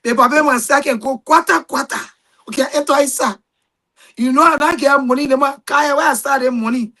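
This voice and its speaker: High-voiced Liberian woman telling stories. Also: fast talker, poor audio. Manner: animated storyteller, shouts quoted voices. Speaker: guest. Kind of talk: casual storytelling.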